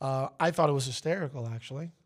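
A man hosting a radio show, with a raspy voice and a New York and Miami twang, chatting in animated, joking banter. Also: medium pitch, fast talker. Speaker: radio host. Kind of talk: casual on-air chat.

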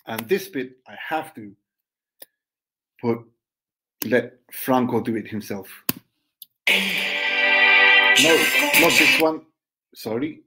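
A man's voice: mid-range voice, takes it slowly, pauses often, loud music behind the voice. A man, chatting playfully and reading his own poems aloud. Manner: playful, rambling, slips into other languages. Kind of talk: casual chat and poetry reading. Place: home, between kitchen and desk.

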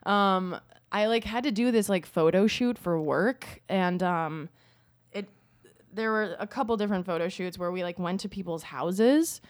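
A woman's voice: medium pitch, moderate pace, no echo, studio quality. A young woman hosting a podcast, telling a personal story in casual chat with lots of fillers and acted-out quotes. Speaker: podcast host.

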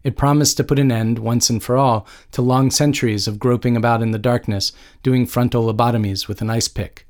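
A man's voice: mid-range voice, steady tone, fairly quick, hardly any pauses, a little mellow. A man reading a novel aloud as an audiobook narrator, with a dry, wry storytelling manner. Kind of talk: scripted narration.

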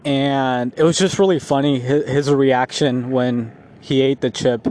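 A man vlogging while walking outside, rambling and laughing often, a bit high. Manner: rambling, laughs often, slow relaxed talk. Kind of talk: casual walking vlog. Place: outdoors on a street.

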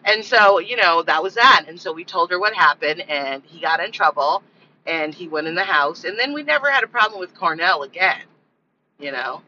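A woman with a strikingly bright voice tells a personal story in a loose, rambling way, laughing often as she goes. Her delivery is animated and casual. The recording sounds dull and lo-fi, with faint traffic in the background. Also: on the low side, moderate pace. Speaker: podcast host.

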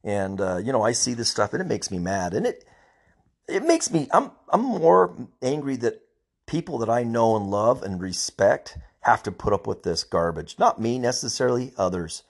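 A man's voice: mid-range voice, big pitch swings, normal speed. A middle-aged man, a police officer, ranting angrily on his own podcast, emphatic and repeating himself. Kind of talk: personal podcast rant.

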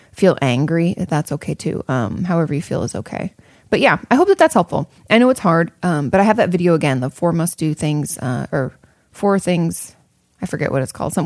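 Speaking in a lowish, slightly mellow voice, this therapist responds to viewers' questions. She offers frank, casual guidance, musing aloud with plenty of filler words and a swear now and then. The studio recording is dry and clean.

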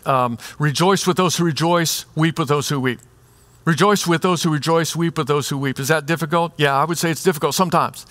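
A male pastor preaching a sermon in a conversational, animated way, acting out everyday examples for the congregation. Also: on the high side, no echo.

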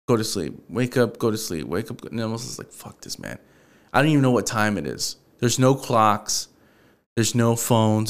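A man hosting a solo podcast, telling a story in a casual, profane way and acting out the other people's lines. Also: medium pitch. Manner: profane, animated, acts out quoted dialogue. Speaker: podcast host.

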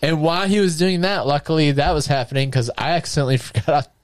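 A man's voice: fairly high pitch, fast talker, no echo. Profane storytelling man, dry mic. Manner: profane, animated anecdote telling with impressions. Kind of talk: casual chat, storytelling.

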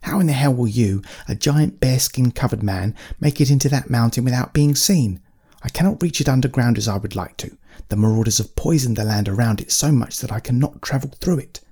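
A man voicing an urgent male troll in a storybook, speaking a little higher than his own voice. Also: a little fast, mellow, husky.

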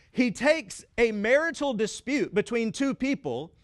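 High-voiced, emphatic preacher man. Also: very animated. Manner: emphatic, building repetition with dramatic pauses and wry asides. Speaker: pastor. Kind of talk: sermon.

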